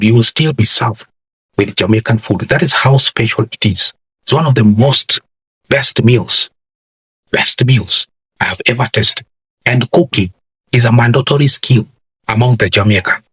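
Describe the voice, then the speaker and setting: A man gives his commentary with emphatic, repetitive phrasing and keeps calling out to his viewers. His voice is very husky and breathy, in a mid range for a man. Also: medium pitch, normal speed. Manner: repeats "ladies and gentlemen", emphatic and preachy. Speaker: commentary channel host. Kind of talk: reaction commentary to camera.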